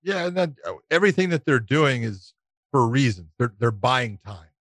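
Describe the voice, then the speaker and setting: A man's voice: medium pitch, normal speed, no echo. Ex-referee man, dry casual talk. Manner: relaxed anecdotes with quoted dialogue. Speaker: former referee, podcast co-host. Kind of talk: casual chat.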